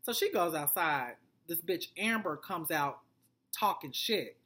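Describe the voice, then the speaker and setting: A woman with a notably low voice talks through a reality-show recap in a casual vlog. Her delivery is blunt and profane, and it rambles along with fillers and restarts. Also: animated, measured pace, fairly bright tone. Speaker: TV recap vlogger.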